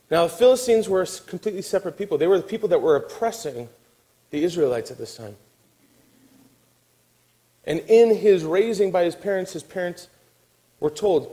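A man preaching a sermon, telling a Bible story with lively, animated delivery and acting out the characters' voices. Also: sits high, a little fast, rough recording. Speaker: pastor.

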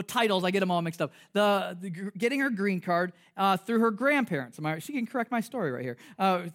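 A man preaching a conversational sermon as pastor. He jokes, asks rhetorical questions, and restarts his sentences a lot. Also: high-pitched. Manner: animated, joking, rhetorical questions; frequent fillers and restarts.

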